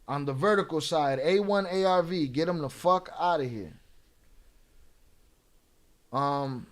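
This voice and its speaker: A man's voice: on the high side, unhurried. A middle-aged man hosting a live stream, talking bluntly and profanely as he rants back at his chat. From United States.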